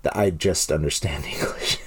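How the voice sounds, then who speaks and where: A man co-hosting a casual podcast, talking haltingly with many restarts and giggling often. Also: very deep voice, husky. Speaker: podcast co-host.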